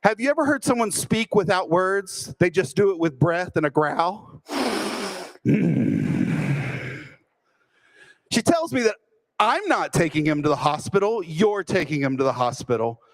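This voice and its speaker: A man's voice: high voice, normal speed. Man telling a comic story. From Fort Worth, Texas. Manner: self-deprecating, deadpan comic timing. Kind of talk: humorous personal storytelling.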